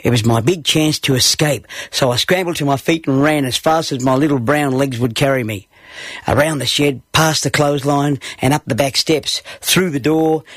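A man's voice: mid-range voice, breathy edge, no room sound. A man with an Australian accent telling a story from his own childhood. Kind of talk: narrated personal story.

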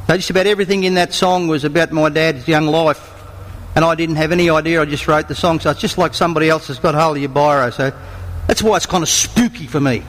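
A man's voice: a little high, fairly bright tone, in a large hall. An Australian man, a songwriter, telling yarns and jokes to a live audience in a folksy, chatty way. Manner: folksy, chatty, slow-building delivery. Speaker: songwriter and yarn-teller. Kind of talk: live storytelling and joke-telling.

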